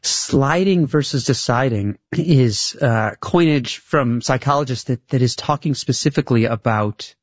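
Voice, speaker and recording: A man's voice: medium pitch, measured pace, hardly any pauses. A man talking as a guest author in an interview, explaining things carefully and sometimes restarting his sentences. His voice sounds slightly muffled and dull. The room sounds dry, with no echo. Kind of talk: interview conversation.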